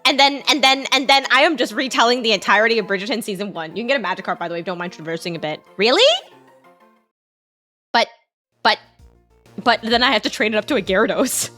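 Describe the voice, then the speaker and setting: A woman's voice: medium pitch, fast talker, long pauses, a bit bright, faint music behind. A young woman from Canada's west coast, streaming and chatting casually while gaming, giggly and rambling. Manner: giggly, rambling, lots of restarts and repeats.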